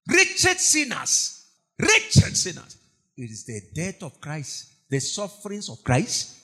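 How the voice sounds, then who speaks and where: Pastor, fiery sermon, high bright voice, husky, shouts then hushes, lots of repetition. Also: male voice. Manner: emphatic, repetitive, swings between shouting and hushed tones. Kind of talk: impassioned sermon.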